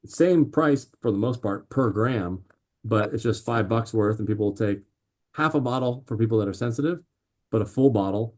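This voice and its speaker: A man talking as a guest on a podcast, telling animated stories with lots of fillers and restarts. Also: lowish voice, normal speed. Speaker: podcast guest, drink company founder. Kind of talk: casual interview chat.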